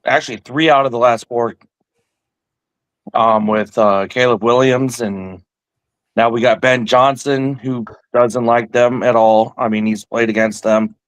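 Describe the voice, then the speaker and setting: A man co-hosting a sports podcast, talking in a relaxed way with frequent laughs. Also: mid-range voice, no echo, rough recording. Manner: slow, laid-back, laughs often. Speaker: podcast co-host. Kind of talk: casual sports talk.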